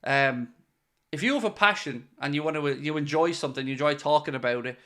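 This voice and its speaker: A man's voice: a little high, fairly quick, bright, forceful tone. An Irish man hosting a football fan channel, talking casually to camera in a playful, mock-serious, sarcastic way. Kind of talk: casual solo commentary to camera.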